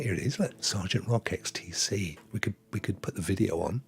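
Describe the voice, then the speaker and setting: A man's voice: low-pitched, lively intonation, fairly quick, creaky, few pauses, darkish tone, soft background music. A man hosting a live gaming stream, chatting and joking with viewers in a rambling way. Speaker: gaming show host.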